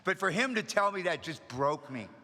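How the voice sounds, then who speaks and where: A middle-aged man tells his story to a meeting, mixing energy and humor. His voice is bright and forceful and sits a bit high for a man. It rings out with the long reverb of a large hall. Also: animated, moderate pace. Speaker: recovery meeting speaker. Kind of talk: storytelling talk to an audience.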